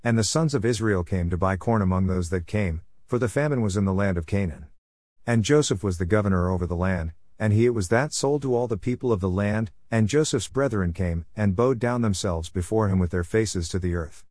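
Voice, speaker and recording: A man with a lowish voice reads scripture in a steady, unhurried way. He gives the archaic verses an even, measured delivery. The recording is dry and close, with no room sound. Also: no echo. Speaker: scripture reader.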